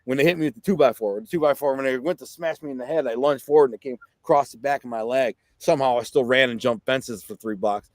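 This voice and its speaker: A man's voice: medium pitch, fast talker, few pauses, no echo. A middle-aged man from Detroit, a podcast guest, telling a vivid story in casual, conversational talk full of fillers. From Detroit, USA. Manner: vivid, excited storyteller who acts out quotes; conversational, with frequent fillers and "right?".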